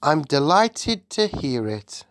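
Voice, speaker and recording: A man voicing an elderly queen in a storybook reading, sharp, clipped and commanding. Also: on the high side, big pitch swings, slow, slight background noise, pitched above the performer's own voice. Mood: composed. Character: regal elderly queen, composed but shaken.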